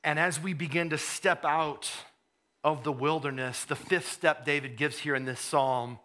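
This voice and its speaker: Guy preaching, bright forceful voice kinda high, casual then fired up, has a cold. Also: fairly even intonation, unhurried. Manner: conversational, swells to fervent emphasis then drops to hushed; stumbles and repeats words. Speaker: pastor. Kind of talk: sermon.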